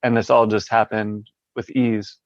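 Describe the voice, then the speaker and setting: A man's voice: on the low side, little pitch movement, unhurried, no room sound, highs cut off. A man speaking as a podcast guest from a hospital room, reflective and hesitant, with many fillers. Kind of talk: interview conversation.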